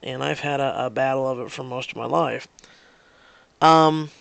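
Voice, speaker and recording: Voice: medium pitch, fairly even intonation, normal speed, gravelly, fairly bright tone, no room sound. A YouTube gamer giving casual, rambling and candid commentary between story scenes, with many fillers and restarts.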